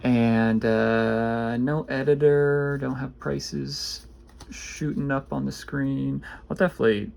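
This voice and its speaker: Gravelly man muttering through a pack opening. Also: flat delivery, slow, darkish tone, slight background noise. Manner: rambling, reads card names aloud, drops into low muttering. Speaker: card pack opener. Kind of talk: casual pack-opening commentary.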